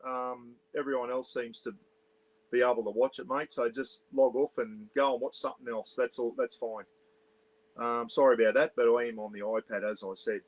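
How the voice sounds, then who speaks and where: Talking into an iPad from inside a small caravan, an Australian man hosts a casual, rambling livestream chat, greeting viewers by name and reading their comments aloud. He keeps his voice fairly low so the neighbours aren't disturbed. His tone is steady and his pace moderate, though the audio quality is poor.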